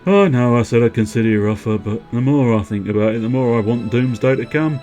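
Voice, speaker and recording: A man's voice: medium pitch, fairly quick, warm tone, highs cut off, faint music behind, natural voice. A man voicing a cheerful young undead soldier, eager and full of bony puns. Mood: chirpy.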